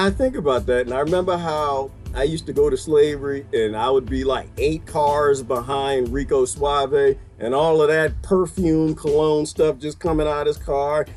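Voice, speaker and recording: A man delivering an exasperated comedic rant to camera, laughing often as he goes. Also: a little high. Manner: animated, exasperated ranting with frequent laughter. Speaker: vlogger.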